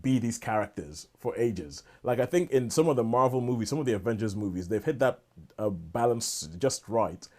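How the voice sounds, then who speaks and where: A man's voice: mid-range voice, animated, moderate pace, darkish tone. Chatty, rambling male podcast host. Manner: rambling, restarts sentences often. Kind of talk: casual chat.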